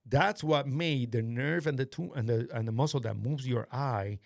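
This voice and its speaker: A man host casually telling a story to a friend, animated and swearing often, acting out what others said. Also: medium pitch, normal speed, gravelly, no echo, clean studio sound. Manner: animated, swears a lot, acts out quoted voices. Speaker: podcast host.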